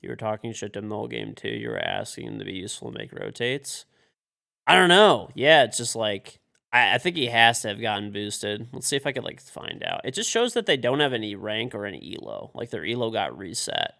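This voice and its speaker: A man's voice: lowish voice, sing-song, brisk, gravelly, sharp tone. A man streaming a video game live, frustrated and swearing as he mutters to himself and talks to teammates. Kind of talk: live-stream commentary while playing.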